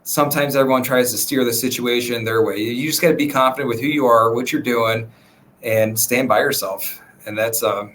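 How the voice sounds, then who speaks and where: A man's voice: mid-range voice, normal speed, slight background noise. Easygoing man talking shop. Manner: relaxed, rambling, many fillers. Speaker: real estate agent, podcast guest. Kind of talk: casual podcast conversation.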